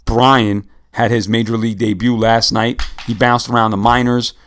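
A man's voice: mid-range voice, normal speed. A man co-hosting a laid-back sports podcast in a medium voice. He reels off figures and where he found them in an easygoing, conversational way, tossing in the odd "you know" and "uh.". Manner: relaxed, rattles off stats and cites sources. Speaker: podcast co-host. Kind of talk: casual sports podcast chat.

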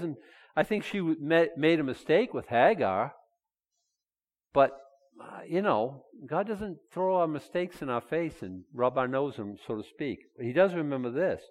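A man, folksy and animated, acting out Bible figures in quick dialogue. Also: fairly high pitch, in a large hall. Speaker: pastor. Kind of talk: conversational sermon.

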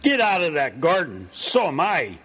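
A man voicing an excitable Irish man in a bar, exclaiming with delight, in an Irish accent. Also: a little high, normal speed, a little hiss or hum, exaggerated voice. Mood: excited.

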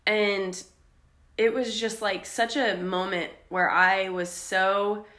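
Young woman, podcast co-host, bright voice, animated storytelling, echoey room. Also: mid-range voice, takes it slowly. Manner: candid, animated storytelling with laughs. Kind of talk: casual faith podcast chat.

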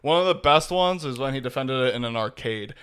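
A young man co-hosting a casual podcast, rambling and excitable, laughing often as he explains things. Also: mid-range voice, fairly quick, smooth. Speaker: podcast co-host.

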